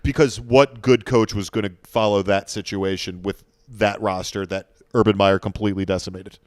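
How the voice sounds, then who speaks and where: A man's voice: lowish voice, fairly even intonation, normal speed, no echo, studio quality. A man co-hosting a podcast, chatting casually about sports with frequent hesitant restarts. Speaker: podcast co-host.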